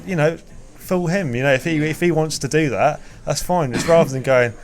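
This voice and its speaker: A man's voice: fairly high pitch, brisk. An English man speaking as a fan guest, ranting passionately and swearing. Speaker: fan guest, protest organiser.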